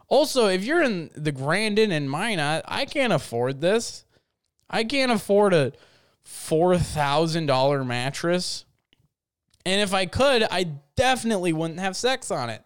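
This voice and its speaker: A man's voice: high-pitched, big pitch swings, a little slow, clean tone, no echo, clean studio sound. A young man telling a rambling, jokey story in a casual vlog, full of fillers and restarts. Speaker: vlogger.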